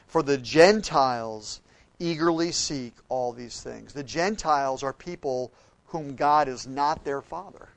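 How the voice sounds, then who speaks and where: Animated preacher man, dry close sound. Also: on the high side, moderate pace, gravelly, dry recording. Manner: animated storytelling with acted-out quotes, swings between loud and soft. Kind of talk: sermon.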